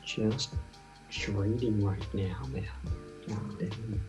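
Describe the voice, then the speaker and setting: A man's voice: fairly low pitch, steady tone, very slow, far from the mic, low-quality recording. A man co-hosting a live trading stream, joking around in a casual chat. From England. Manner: jokey, sings snatches of songs. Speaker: forex live stream co-host. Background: soft music and keyboard typing.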